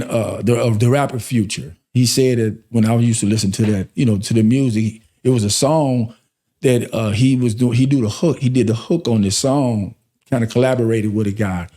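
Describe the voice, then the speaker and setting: A man's voice: medium pitch, dark tone. A man hosting a podcast as a life coach, giving a faith-based motivational talk with emphatic, repeated rhetorical questions.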